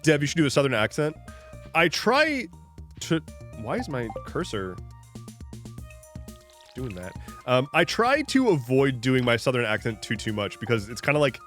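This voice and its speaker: A man's voice: mid-range voice, wildly swooping pitch, normal speed, long pauses, a bit bright, faint music behind. A man live-streaming a farming game, chatting casually and jokingly to his viewers, rambling between tangents with frequent restarts and the odd swear. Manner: rambling, jokey, talks to chat. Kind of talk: casual live-stream chat while gaming.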